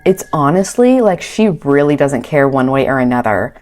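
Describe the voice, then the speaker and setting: A woman's voice: rumbling low, animated, normal speed, darkish tone, faint music behind. A woman casually recapping a reality show, chatty and wry, with a home mic. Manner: chatty, wry, quotes people in bouncy voices. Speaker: recap commentator. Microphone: home recording mic.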